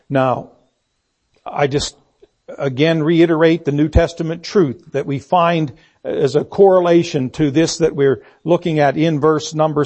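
A man's voice: fairly high pitch, darkish tone. A man preaching an expository sermon in a church, emphatic, repeating key phrases and asking the congregation questions.

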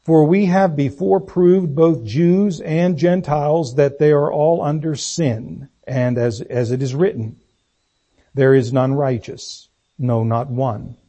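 A man preaching a sermon, reading scripture and praying in a deliberate, emphatic way. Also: fairly high pitch, fairly even intonation, dark tone. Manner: slow, deliberate, emphatic delivery.

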